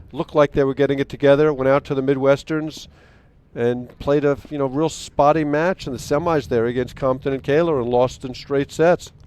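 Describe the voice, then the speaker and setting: A man doing sports commentary, recounting a team's recent results in a measured way. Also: medium pitch, a little mellow, clear, resonant tone. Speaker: play-by-play commentator.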